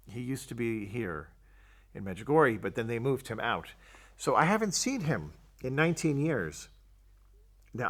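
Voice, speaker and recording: A mid-range, slightly bright voice belongs to an older man, a Catholic priest, giving his personal testimony in storytelling fashion while acting out the quoted dialogue.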